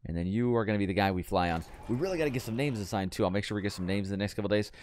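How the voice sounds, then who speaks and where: A young adult man casually commenting on his video game as he plays, chatty and breaking into excited yells when things go wrong. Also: fairly low pitch, very fast, a little hiss or hum. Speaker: gaming channel host.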